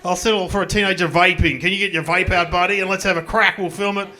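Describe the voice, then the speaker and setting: High-voiced Australian comedian in a club. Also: male voice, fairly even intonation, quick pace, sharp tone. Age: middle-aged. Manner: self-mocking, chatty, laughing with the crowd. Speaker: stand-up comedian. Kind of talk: stand-up comedy set. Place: comedy club stage with live audience. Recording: live club recording with audience noise.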